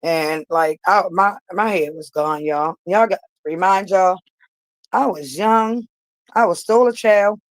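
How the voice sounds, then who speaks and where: A woman's voice: on the low side, slow pace, no echo, low-quality recording. A woman vlogger telling a personal story straight to her viewers, emphatic and repeating herself for weight.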